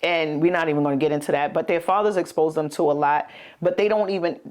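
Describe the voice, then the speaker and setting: A woman's voice: low-pitched, fast, a little mellow. A middle-aged woman, co-hosting a podcast in an earnest, conversational way. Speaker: podcast co-host. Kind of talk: casual chat.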